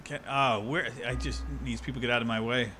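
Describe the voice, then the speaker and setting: A man's voice: mid-range voice, steady tone, brisk, bright, forceful tone, a little hiss or hum. A man streaming a game live, giving sarcastic, wry commentary.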